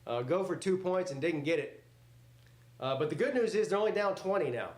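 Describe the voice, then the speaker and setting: A man's voice: sits high, expressive, fairly quick, reverberant. A man hosting a live football reaction stream. He jokes, swears freely and answers his chat. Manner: loud, joking, swears freely, talks back to chat. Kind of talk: casual live reaction commentary.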